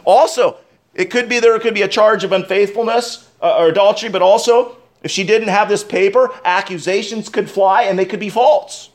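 A man with a high voice preaches a sermon. His delivery swings between sharp, loud emphasis and low, hushed asides, and he keeps turning to his listeners with direct questions. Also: moderate pace. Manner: asks the congregation direct questions. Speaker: pastor.

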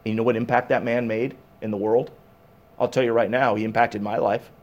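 A man preaching a sermon, swinging from emphatic raised bursts to low, hushed reflection. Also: fairly even intonation, a little fast, dull audio. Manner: emphatic, rising to raised bursts on key points. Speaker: pastor.

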